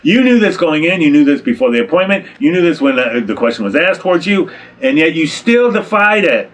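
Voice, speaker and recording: This man, a photographer, has a slightly high, sing-song voice and talks fairly quickly. Addressing viewers directly, he gives frank, fed-up advice, peppering it with rhetorical questions and "okay?" again and again.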